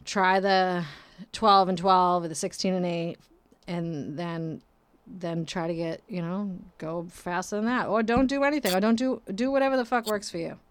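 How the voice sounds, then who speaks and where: A woman's voice: lowish voice, normal speed, clean tone, dry recording. A woman hosting a podcast, talking in a blunt, profane, ranting casual monologue. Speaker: podcast host.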